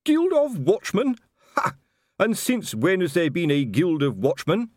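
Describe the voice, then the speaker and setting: A man voicing a blustering middle-aged male watch sergeant, shouting in outrage. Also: fairly high pitch, big pitch swings, normal speed, no echo, clean studio sound, pitched above the performer's own voice. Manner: shouting, indignant and red-faced.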